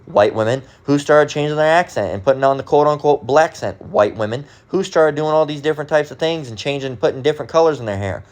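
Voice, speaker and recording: A man's voice: on the high side, expressive, fast, hardly any pauses. A man giving a religious rant monologue, emphatic, repetitive and profane. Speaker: commentator.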